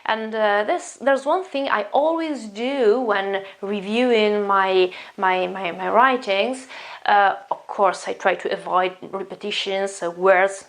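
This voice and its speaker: A woman teaches English in an Italian accent, walking through examples at an explanatory pace. She often repeats words and restarts phrases. Her mid-pitched voice has a gravelly edge. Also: slow. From Italy. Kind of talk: online English lesson.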